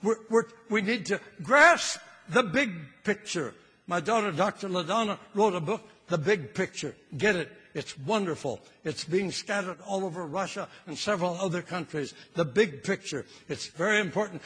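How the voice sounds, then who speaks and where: A man's voice: high-pitched, normal speed, a bit bright, breathy edge, in a large hall. An older man preaching a sermon with fervor, repeating phrases for emphasis.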